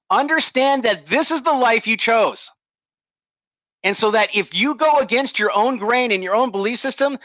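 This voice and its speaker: Energetic high-voiced man coaching leaders. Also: no room sound, dull audio. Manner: energetic, coaching the audience through exercises. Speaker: leadership speaker. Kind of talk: motivational talk to leaders.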